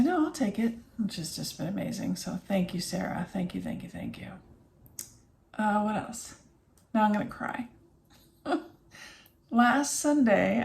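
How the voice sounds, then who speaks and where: A tired middle-aged woman vlogs casually from an emptied home office, emotional and full of fillers. Her voice is medium-pitched, creaky, and darkish in tone, with slight background noise.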